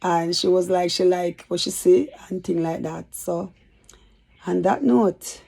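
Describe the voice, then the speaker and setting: A woman's voice: fairly low pitch, a little slow, gravelly, warm tone, slightly rough. A woman telling a rambling, chatty story for her vlog. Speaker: YouTuber.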